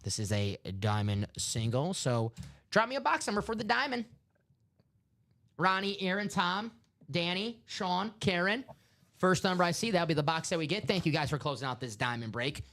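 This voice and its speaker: A man's voice: sits high, normal speed. Chatty male card-break host. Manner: chatty, excitable, rambling with fillers. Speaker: host of a live sports card break stream. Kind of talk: casual live-stream patter.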